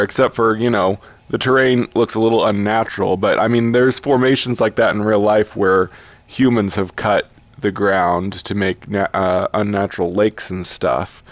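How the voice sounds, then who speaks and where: A man commenting on a virtual reality game as he plays it, talking slowly and haltingly and gushing over the sights. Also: fairly low pitch, no echo. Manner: slow, halting, awestruck. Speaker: gaming YouTuber. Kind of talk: VR gameplay commentary.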